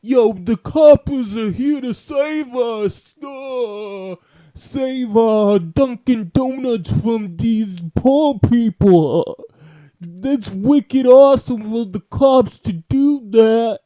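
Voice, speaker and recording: A man voicing a loud, boorish male conservative in a mock Boston accent, brash and exaggerated. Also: very high voice, extremely slow, dry recording, pitched above the performer's own voice, full character voice. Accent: put-on Boston.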